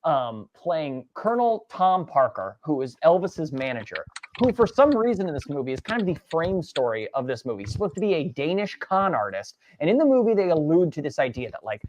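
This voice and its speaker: Lively, animated woman cohosting a livestream. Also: low-pitched, fairly quick, hardly any pauses, dull audio, slight background noise. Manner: animated, emphatic, playful. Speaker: co-host. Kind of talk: casual livestream chat.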